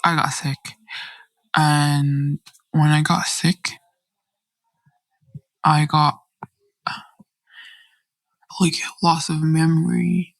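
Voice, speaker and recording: Breathy, flat-voiced woman telling her story. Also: low voice, poor audio. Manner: earnest and faith-filled, halting with restarts. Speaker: podcast guest. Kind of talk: personal story in an interview.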